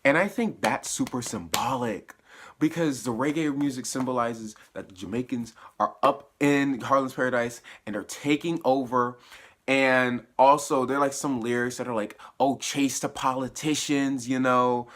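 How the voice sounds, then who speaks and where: A man giving a casual spoiler recap of a TV episode, chatty and slangy, with sudden bursts of excitement as he retells scenes. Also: medium pitch, moderate pace. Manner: laughs and uses slang while recapping. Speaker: TV episode reviewer.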